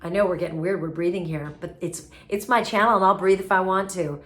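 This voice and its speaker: A woman speaking coach giving lively, emphatic advice straight to camera, with playful asides. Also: lowish voice, brisk. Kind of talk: casual advice video to camera.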